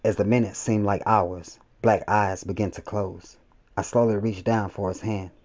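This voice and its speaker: A man reading a war story aloud in the first person, at a steady, measured pace. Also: lowish voice, highs cut off. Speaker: audiobook narrator.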